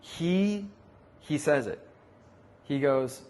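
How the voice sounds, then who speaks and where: A man's voice: mid-range voice, normal speed. Casual, swearing man talking business. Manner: animated, swears freely. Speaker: vlogcast host, agency owner. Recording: faint background noise.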